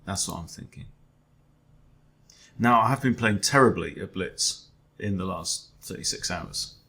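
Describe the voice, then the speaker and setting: A man's voice: low-pitched, lively intonation, measured pace, vocal fry, sharp tone. A man, a chess coach, thinking aloud during an online game in a wry, self-deprecating way, often muttering to himself.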